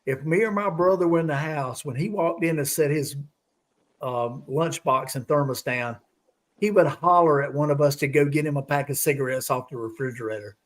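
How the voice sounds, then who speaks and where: A man's voice: fairly high pitch, moderate pace. A man hosting a live casual group chat, telling stories in a laid-back way. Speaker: live show host.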